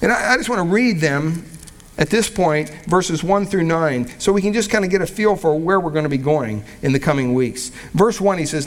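Male pastor, fairly high voice, conversational verse-by-verse sermon, reads scripture slowly. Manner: conversational, with frequent restarts and fillers. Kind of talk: expository sermon.

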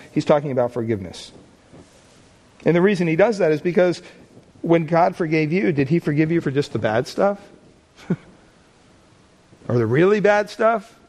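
A man's voice: on the high side, a little mellow. A man preaching a sermon, talking in a conversational way and putting questions to the congregation. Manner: conversational, asks the listeners questions. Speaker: pastor.

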